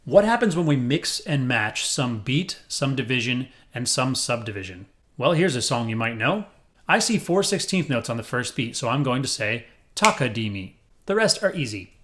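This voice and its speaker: A man's voice: medium pitch, very animated, moderate pace, fairly bright tone. A man teaching a music rhythm lesson, upbeat and self-described as corny, counting along with his students. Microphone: headphones on.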